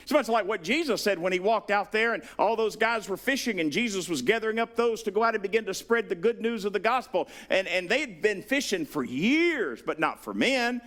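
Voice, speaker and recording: Lively high-voiced Southern preacher man. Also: a little fast, hardly any pauses. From Southern United States. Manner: animated preaching, acts out quoted voices. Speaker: pastor. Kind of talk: sermon.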